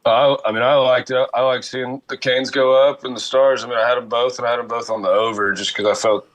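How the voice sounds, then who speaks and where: A man co-hosting a casual sports talk show, talking quickly and conversationally and often repeating himself. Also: mid-range voice, little pitch movement, rough recording. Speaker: co-host.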